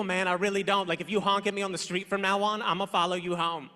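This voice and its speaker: A man in his thirties doing a stand-up routine on a large stage, punchy and loud, acting out his quotes. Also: high-pitched, level tone, quick pace, noisy background. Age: 30s. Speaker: stand-up comedian. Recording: reverberant large hall.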